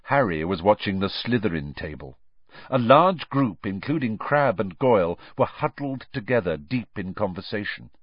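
Expressive male audiobook narrator. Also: fairly low pitch, normal speed, no echo. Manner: expressive, varied reading. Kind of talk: scripted storybook narration. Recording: dry, slightly dull audio.

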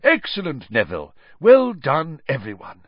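Guy doing a pumped-up teacher yelling students forward, lively and high, kinda muffled. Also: moderate pace, no echo. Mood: pleased. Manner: eager, shouting commands. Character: cheerful male teacher calling out students.

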